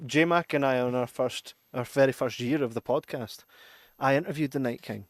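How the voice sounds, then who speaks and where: A Scottish man co-hosts a podcast in loose, jokey chat, laughing often and dropping Scots slang and swear words. His voice sits at an ordinary middle pitch. It is recorded dry and close, with no room sound. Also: normal speed, no room sound. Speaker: podcast co-host. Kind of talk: casual chat. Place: studio.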